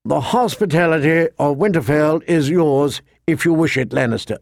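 A man's voice: on the high side, normal speed, vocal fry, no echo, clean studio sound. A man voicing a stiff, uneasy young nobleman who halts and stumbles over his words in an audiobook reading. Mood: awkward. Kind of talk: audiobook character voice.

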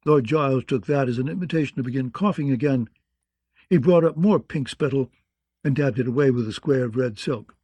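A man narrating an audiobook in an even, measured way. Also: mid-range voice, slightly rough, no room sound. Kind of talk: scripted narration.

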